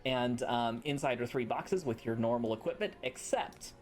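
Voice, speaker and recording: A man narrating as game master in a relaxed, rambling way. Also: mid-range voice, normal speed. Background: music.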